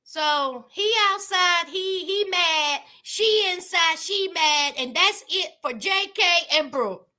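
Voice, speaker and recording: A woman hosting a reality TV recap, telling the story in a sassy, animated way. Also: very high voice, slow, hardly any pauses. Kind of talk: casual comedic commentary.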